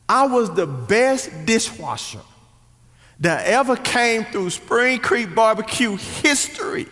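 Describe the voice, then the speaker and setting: Lively preacher, high bright voice. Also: male voice. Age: 40s. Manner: animated, acts out quotes, speaks to the crowd. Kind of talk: storytelling sermon. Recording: hall reverb.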